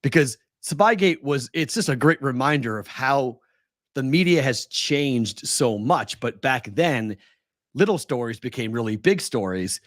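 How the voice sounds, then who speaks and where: Male podcast co-host, mid pitch, dry close mic, excited restarts. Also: a little slow, dry recording. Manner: animated storytelling with many restarts and laughs. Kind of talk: casual sports chat. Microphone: remote video call.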